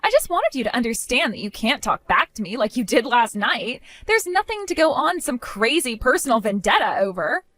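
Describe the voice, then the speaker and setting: A woman's voice: a little high, very animated, moderate pace, hardly any pauses, fairly bright tone, no echo. A woman voicing a spiteful young woman, the groom's sister, who talks in a mocking, dismissive way.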